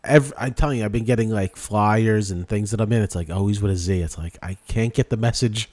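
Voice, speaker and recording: Low-voiced man rambling on a podcast. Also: brisk, dry recording. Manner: rambling, animated storytelling with quoted asides. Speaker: podcast host. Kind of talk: casual chat.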